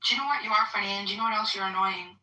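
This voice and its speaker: A woman chatting casually, rambling quickly with many fillers, calling in over the phone. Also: mid-range voice, pushed and bright. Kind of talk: casual chat. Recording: echoey phone line from far off.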